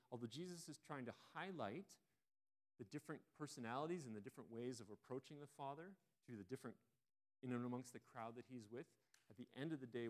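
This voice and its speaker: A man preaching a sermon, retelling a story in a relaxed, conversational way with frequent restarts. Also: mid-range voice.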